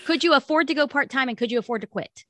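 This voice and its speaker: A woman hosting a podcast interview in casual chat, responding often with short affirmations and quick follow-up questions. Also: sits high, bright, forceful tone, no echo. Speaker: podcast host.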